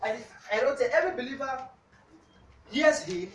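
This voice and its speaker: During a sermon, a preacher with a high, fairly bright voice reads from scripture at a moderate pace, leaving long pauses. He asks the congregation questions and says "hallelujah" at almost every point, sounding distant in an echoey room.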